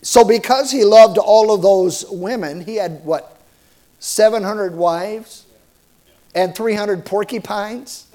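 A man's voice: high-pitched, slow pace, warm tone. A man preaching a sermon as pastor, asking the congregation questions, repeating words and slipping in small jokes.

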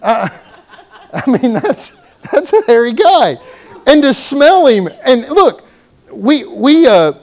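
Animated high-voiced preacher, slow sermon. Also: male voice. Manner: animated storytelling, acting out the voices of the people in the story. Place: church. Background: congregation calling out responses.

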